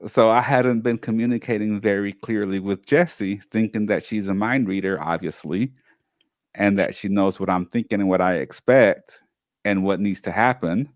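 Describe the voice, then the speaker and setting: Man, co-host, low voice, casual animated storytelling, dry recording. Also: normal speed, dry recording. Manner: animated storytelling, acts out quoted family lines. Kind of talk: casual conversational talk.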